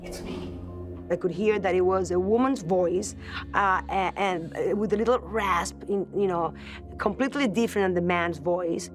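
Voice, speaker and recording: Woman, earnest, halting, telling a ghost story, music under voice. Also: lowish voice. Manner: earnest, searching for words, repeats phrases. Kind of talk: emotional personal storytelling to camera. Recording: voice over music score.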